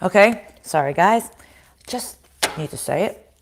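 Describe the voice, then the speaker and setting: A woman's voice: lowish voice, expressive, measured pace, slight background noise. A woman giving a casual tarot reading at home, chatting to viewers, voicing their inner thoughts and swearing freely. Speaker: tarot reader. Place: home kitchen in a house.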